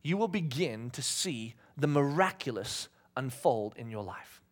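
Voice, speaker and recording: Speaking at a measured pace with lively intonation and a medium pitch, a man preaches casually to a congregation. He jokes, laughs frequently and acts out voices as he reads from scripture.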